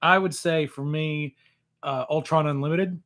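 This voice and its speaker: A man joining as a guest in a casual live Q&A chat, pausing with ums and getting animated when sharing opinions. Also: fairly high pitch. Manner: thoughtful, pauses with ums, gets animated on opinions.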